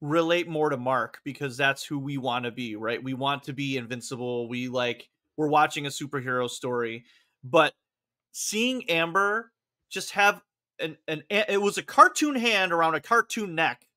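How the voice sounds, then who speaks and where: Man, podcast co-host, high voice, bright, stammering, emotive. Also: normal speed. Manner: stammering, emotive, searching for words. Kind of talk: casual podcast chat.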